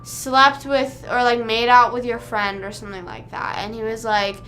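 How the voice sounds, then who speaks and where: A woman's voice: on the high side, flat delivery, normal speed, fairly bright tone, a little hiss or hum. A young woman livestreaming, rambling casually with lots of "like" fillers as she chats to her viewers. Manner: rambling, chatty, full of "like" fillers.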